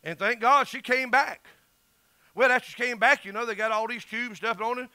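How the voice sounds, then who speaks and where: A man's voice: very high-pitched, brisk, pushed and bright, clean tone, no echo. A middle-aged man with a Southern US accent, preaching an emphatic, folksy sermon as pastor.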